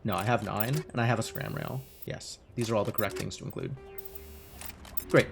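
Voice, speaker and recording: A man's voice: fairly low pitch, normal speed, gravelly, husky, soft background music. A young man streaming a game live, chatting casually with wry, sarcastic asides while he plays. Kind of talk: casual live gameplay commentary.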